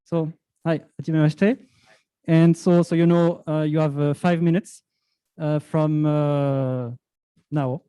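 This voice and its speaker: Event moderator, high and mellow, chatty and rambling, dry sound. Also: male voice, level tone, unhurried, clear, resonant tone, no echo. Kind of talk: live event hosting.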